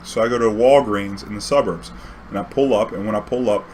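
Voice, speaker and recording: A man's voice: on the low side, brisk, darkish tone, a little hiss or hum. A man, a cab driver telling a story in a rambling, conversational way, full of restarts and "you know"s. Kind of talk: casual storytelling.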